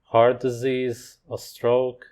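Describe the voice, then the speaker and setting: A man's voice: medium pitch, completely flat delivery, slow pace, darkish tone, clear, resonant tone. A man hosting a reaction video, talking over clips with scornful, sarcastic commentary.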